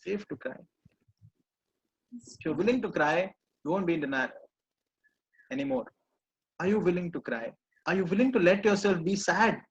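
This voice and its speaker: A man coaching a live group, gently repeating reassuring phrases. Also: high-pitched, animated, moderate pace, long pauses, dull audio. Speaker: personal growth coach.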